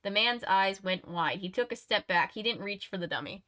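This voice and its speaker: A woman streamer reads a children's horror book aloud, chatting casually with viewers between passages and using many fillers. Her mid-range voice is pushed and bright, with lively intonation and a moderate pace.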